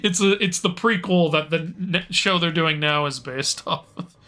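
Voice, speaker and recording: A man chats as a guest on a co-op game stream, cracking jokes and laughing often. His voice sits a little high and sounds bright and forward. He keeps the talk loose and casual. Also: moderate pace. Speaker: guest co-op player. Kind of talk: casual gaming chat.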